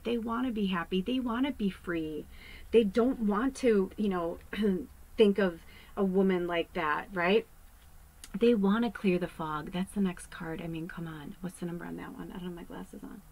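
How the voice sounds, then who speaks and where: A psychic medium gives a casual spiritual card reading, rambling and animated, often slipping into hushed asides. Her voice sits in the mid range, and the audio is poor.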